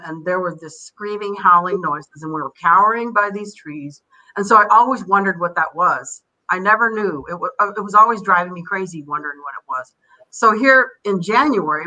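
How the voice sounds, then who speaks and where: Older lady guest on a podcast, bright voice, rambles on and acts out everyone she quotes. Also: mid-range voice, low-quality recording. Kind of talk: casual interview storytelling.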